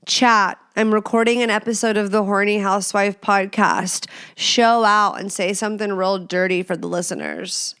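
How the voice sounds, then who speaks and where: A woman's voice: mid-range voice, steady tone, normal speed, hardly any pauses, a bit bright, clear, resonant tone. A woman hosting a podcast in a casual monologue, blunt and crude, stretching words out for emphasis. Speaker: podcast host.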